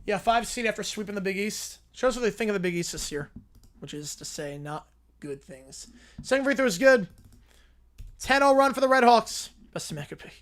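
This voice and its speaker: A man with a worn, strained voice that keeps cracking, calling a basketball game live on a stream. He races through the action in a raised, excited rush. Between plays he answers viewers in quieter, lower asides. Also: moderate pace. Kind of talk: live play-by-play reaction commentary.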